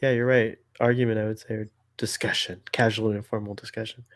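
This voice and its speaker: A man's voice: on the low side, little pitch movement, quick pace, dry recording, clean studio sound. A man co-hosting a casual fan commentary, chatty, laughing often and rambling off into asides. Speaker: podcast co-host.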